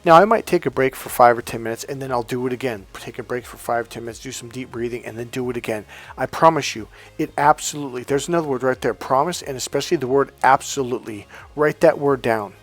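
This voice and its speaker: A man speaking as a motivational coach, emphatic and repetitive. His pitch sits in an ordinary middle range. Faint music plays behind his talk. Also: fast talker. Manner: emphatic, repetitive, chanting mantras. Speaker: life coach.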